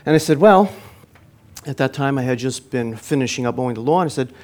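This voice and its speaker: Earnest preacher telling a personal story. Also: male voice, medium pitch, steady tone, fast talker. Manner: earnest storytelling, swells then drops to quiet endings.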